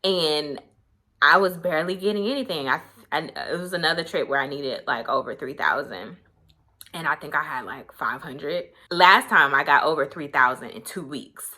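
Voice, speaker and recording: A woman's voice: sits low, moderate pace, pushed and bright. A young woman vlogger telling a personal story in a candid, conversational way, full of fillers and emotion.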